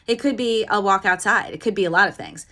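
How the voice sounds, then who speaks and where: A woman who coaches leaders gives a casual motivational talk. She speaks in a chatty, enthusiastic way, with warm feeling and frequent fillers and restarts. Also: mid-range voice, fast.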